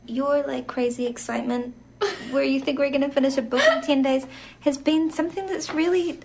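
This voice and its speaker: A woman's voice: sits high, fairly even intonation, moderate pace, vocal fry, a little hiss or hum. An actress playing an affectionate, teasing woman who is an aspiring writer, in naturalistic improvised film dialogue, laughing often.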